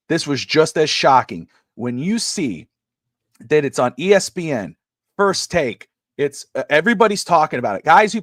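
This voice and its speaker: A man co-hosting a sports talk show, chatting casually in an excitable, rambling way and often restarting his sentences. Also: a little high, no room sound, studio quality. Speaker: sports podcast co-host.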